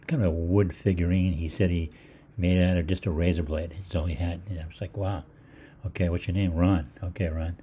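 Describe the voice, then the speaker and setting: Deep-voiced older man telling rambling stories. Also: warm tone, a little hiss or hum. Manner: meandering, full of fillers and restarts, acts out voices. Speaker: holistic practitioner hosting a live Q&A. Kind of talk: rambling anecdotal storytelling.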